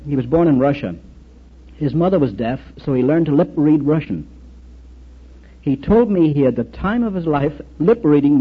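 Guy preaching, telling stories w lots of back and forth dialogue, raspy voice, old muffled tape sound. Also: fairly high pitch. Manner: anecdotal, animated, trades quoted dialogue. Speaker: speaker addressing an audience. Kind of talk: storytelling sermon talk.

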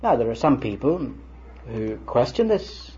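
This older man has a mellow, sing-song voice of medium pitch and a measured pace. He preaches to students in a lecture hall, telling stories conversationally and voicing other people's dialogue. It's a dull, lo-fi vintage recording with slight hiss.

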